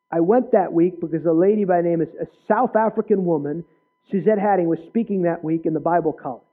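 A male preacher giving an earnest personal testimony in a sermon, with sudden loud bursts. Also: sits high, a little fast. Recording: tinny phone-like sound.

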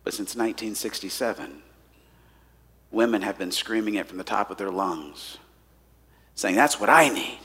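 A man preaching a sermon to a congregation as pastor, animated and swinging between hushed asides and loud emphasis. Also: low-pitched, normal speed, long pauses, husky. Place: church hall before a congregation.

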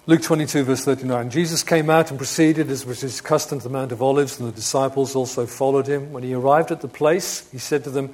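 A man preaching a sermon, swinging between emphatic proclamation and hushed reflection, often asking his listeners rhetorical questions. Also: medium pitch. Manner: asks rhetorical questions of the congregation.

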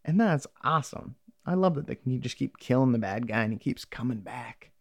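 Gravelly, animated man ranting a recap. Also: medium pitch, a little fast, dry recording. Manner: rambling, heavy swearing, acts out quotes. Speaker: TV episode recapper. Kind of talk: casual profane recap.

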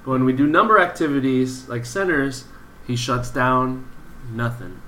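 A man's voice: mid-range voice, moderate pace, a little hiss or hum. A man in casual podcast chat, telling work stories with a lot of swearing. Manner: profane, animated storytelling. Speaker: podcast co-host, teacher.

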